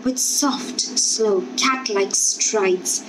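A woman's voice: mid-range voice, very slow, background noise. A woman reading a story aloud for children, carefully and expressively. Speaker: story reader.

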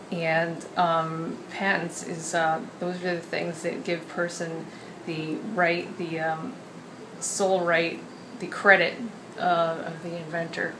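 A woman author talks casually to camera indoors, her voice sitting a little low. She rambles and fills pauses with ums. The home video carries a steady hiss of background noise. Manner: chatty, rambling, with many fillers. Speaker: children's book author.

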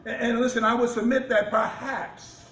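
A man's voice: very high voice, level tone, moderate pace, fairly bright tone, echoey room, distant mic, a little hiss or hum, poor audio. A man, a pastor, preaching a sermon with rising fervor and repeated restarts.

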